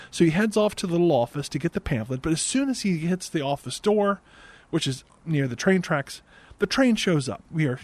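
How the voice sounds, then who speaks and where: A young man recapping a movie in a sarcastic, exasperated comedic rant into a desk microphone on a boom arm, swearing now and then. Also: animated, fairly quick, dry recording. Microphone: desk mic on a boom arm.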